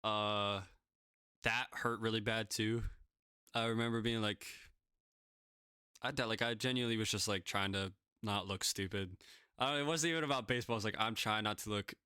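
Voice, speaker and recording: A man's voice: fairly low pitch, steady tone, moderate pace, bright, forceful tone, clean tone, dry recording, studio quality. A young man casually telling self-deprecating stories, rambling with lots of fillers. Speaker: podcast guest pitcher. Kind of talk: casual storytelling.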